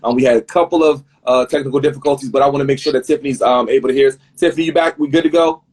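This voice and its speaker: Medium in pitch and fairly even in intonation, this host speaks rapid-fire in a slightly mellow voice. He runs a live video-call interview, talking a lot and repeating words while reworking his questions. The husky audio cuts out at times.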